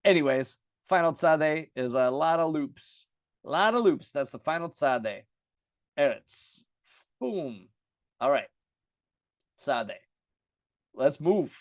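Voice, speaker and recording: A man's voice: fairly high pitch, no echo. A man teaching a casual lesson at a whiteboard, playful and jokey, repeating sounds aloud as he writes. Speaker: Bible teacher.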